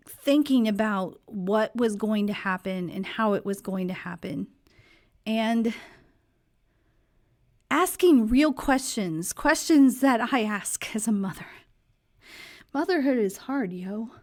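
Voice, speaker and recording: A woman, hoarse and losing her voice, giving her opinions in a casual, chatty vlog. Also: fairly high pitch, a little mellow. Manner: chatty, opinionated, faith-focused. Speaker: vlog host.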